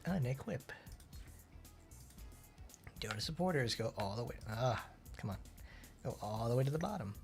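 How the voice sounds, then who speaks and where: A man's voice: medium pitch, expressive, moderate pace, vocal fry, pauses often, a little mellow, soft background music. A man streaming a game and chatting casually, rambling with lots of fillers and blunt, profane asides. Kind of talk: casual gameplay commentary.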